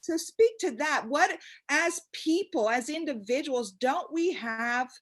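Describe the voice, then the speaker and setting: A woman's voice: sits high, lively intonation, slow. A woman hosting a live interview, asking her guest questions and reading out comments from viewers.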